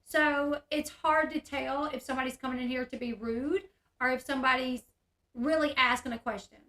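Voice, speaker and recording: Woman, casual livestream chat, high bright voice, echoey room. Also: fairly even intonation, normal speed. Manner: chatty, candid, reads chat aloud. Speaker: YouTube host. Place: room at home.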